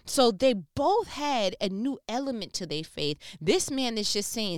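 A woman giving a casual devotional talk on faith, slangy and animated, acting out the voices she quotes. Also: on the high side, normal speed, few pauses, no echo, studio quality. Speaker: faith speaker.

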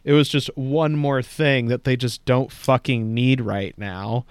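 A man's voice: mid-range voice, fairly even intonation, a little slow, smooth, no room sound, clean studio sound. A man co-hosting a podcast, chatting casually and sardonically about the news and swearing freely. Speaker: podcast co-host. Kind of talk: casual news commentary chat.

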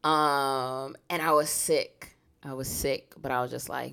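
A woman's voice: rumbling low, steady tone, measured pace, creaky, bright, forceful tone, smooth. A woman co-hosting a podcast in casual, frank chat, often saying "you know" and laughing easily. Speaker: podcast co-host.

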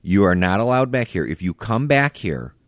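A man co-hosting a casual podcast, blunt and wry, who answers with quick jokes and firm opinions. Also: fairly low pitch, very animated, dry recording, studio quality. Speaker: podcast co-host. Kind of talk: casual chat.

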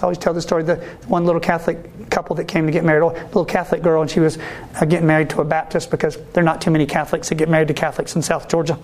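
A man who is a Catholic priest, giving a sermon-style talk to ministry workers in an animated way, acting out the voices he quotes and often asking listeners whether they follow. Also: on the high side, rapid-fire. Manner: asks the audience for agreement.

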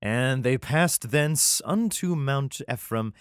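A man reads old scripture aloud and keeps cutting in with sarcastic, profane jokes. His voice rises and falls in a lively way, and the sound is close and dry with no room echo. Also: medium pitch, takes it slowly, clear, resonant tone. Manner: irreverent, sarcastic profane asides. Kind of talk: reading scripture aloud with comedic commentary.

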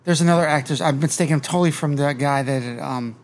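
A man chatting casually on a podcast, scattered and searching out loud for actors' names. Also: on the high side, fast talker, a little hiss or hum. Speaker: podcast co-host. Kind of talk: casual chat.

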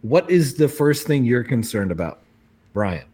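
A man's voice: medium pitch, big pitch swings, unhurried, dark tone, breathy edge. A man in his thirties co-hosting a podcast, telling rambling stories in casual banter and swearing freely. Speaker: podcast co-host.

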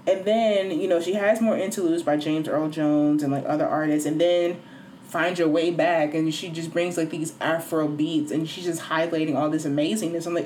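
Woman gushing about an album on her vlog, kinda low voice, dramatic, swears a lot, sudden squeaky bits, bit of hiss behind. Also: fairly even intonation, moderate pace, darkish tone. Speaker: vlogger reviewing an album. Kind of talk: casual excited rant to camera.

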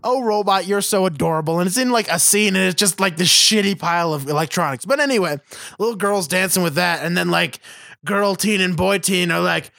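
A podcast co-host rants on a video call, swearing and slipping into mocking voices. His voice sits high and sounds bright, with a gravelly fry and a dry, close sound. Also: fairly quick, dry recording. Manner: ranting, profane, mocking voices. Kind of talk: casual chat.

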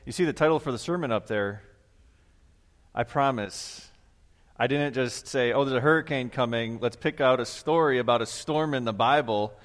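A man preaches a Sunday sermon from the front of a church. His voice trails away into the long reverb of a big sanctuary. He talks plainly, like a conversation, and gets animated when he tells a story. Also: mid-range voice. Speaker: pastor.

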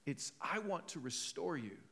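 A man's voice: on the high side, big pitch swings, moderate pace, vocal fry, a bit bright. A man preaching a sermon in a conversational, storytelling way, acting out quoted voices. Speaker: pastor.

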